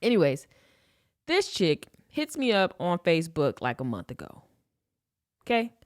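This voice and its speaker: Speaking a little slowly, this young podcast co-host from Los Angeles spins a casual story, cursing without restraint and performing quoted lines with dramatic leaps in pitch. The sound is clean studio audio with no echo.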